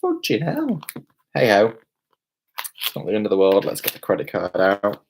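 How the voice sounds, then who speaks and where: A young British man, tipsy on beer, chats on a live stream from a hotel room, rambling, exclaiming, and poking fun at himself. His voice is fairly low and gravelly with fairly even intonation and normal speed, and the recording has a little hiss or hum.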